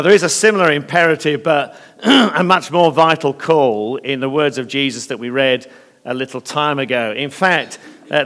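Man, slightly hoarse, earnest sermon, hesitant fillers, long church reverb. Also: mid-range voice, a bit bright. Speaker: preacher.

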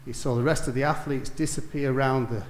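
A man's voice: mid-range voice, steady tone, fast talker, slight background noise. Preacher man in an echoey hall. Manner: storytelling, rising to emphatic peaks then dropping soft. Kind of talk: sermon.

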